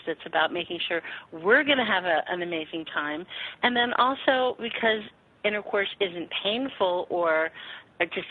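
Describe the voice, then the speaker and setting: A woman's voice: medium pitch, dry recording. Frank woman teacher on a tinny line. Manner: frank, animated, acts out quotes with laughs. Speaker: sexuality teacher, guest. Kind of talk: conversational interview answers. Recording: tinny phone-line sound.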